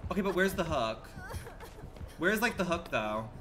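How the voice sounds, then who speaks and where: A man streaming a game live, reacting in an animated, exclamatory way with slangy, profane banter. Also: a little high, normal speed, slight background noise. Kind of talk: live gaming commentary.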